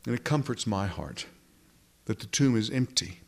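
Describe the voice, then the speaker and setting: A man's voice: lowish voice, expressive, moderate pace, gravelly. Earnest man preaching a sermon. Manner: earnest, addresses congregation directly. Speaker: pastor.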